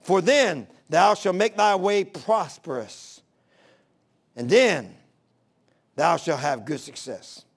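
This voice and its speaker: Male preacher, high gravelly voice, folksy and fervent sermon delivery. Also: animated, takes it slowly, pauses often. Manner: folksy, fervent preaching with plain everyday talk.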